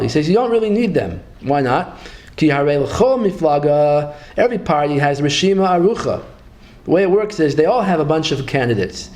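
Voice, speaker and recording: A man with a Yeshivish English accent teaching a religious text, reading passages slowly and then explaining them in casual English. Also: on the high side, a little mellow. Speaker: Torah teacher. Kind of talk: text study lecture, reading and translating.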